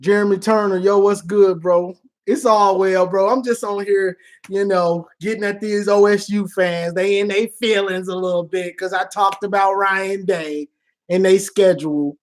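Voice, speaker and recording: A man whose voice sits high, with a steady tone and moderate pace, works as an online sports commentator answering fan questions live. It's a casual Q&A full of slang, trash-talking, and regular bursts of laughter.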